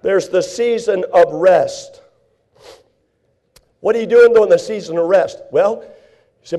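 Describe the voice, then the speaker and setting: Folksy high-voiced preacher. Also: male voice, unhurried, long pauses, warm tone. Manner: folksy preaching with acted-out asides. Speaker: pastor. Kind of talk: sermon.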